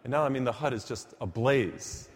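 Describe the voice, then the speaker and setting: A man preaching a sermon, emphatic and full of stories, slowing down and speeding up to drive his points home. His voice sits in a middle pitch. A long reverb from a big church hall trails each phrase. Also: slightly rough. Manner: storytelling, emphatic, varies pace for effect.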